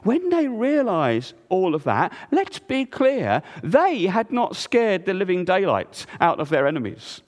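A man preaching a sermon in a church, swinging between loud emphasis and hushed low tones. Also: wildly swooping pitch, a little slow, few pauses. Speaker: pastor. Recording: long reverb of a church hall.

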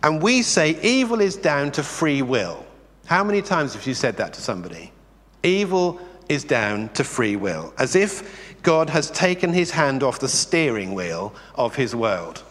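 A man preaching a sermon in a conversational, animated way, asking the congregation rhetorical questions. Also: mid-range voice, a little slow. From England. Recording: long reverb in a hall.

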